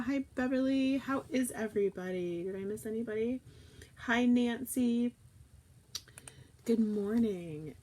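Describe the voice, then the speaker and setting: A woman's voice: a little high, darkish tone, slight background noise. A woman hosting a casual live-stream chat from a backyard camper, talking into an old tablet and greeting her viewers by name.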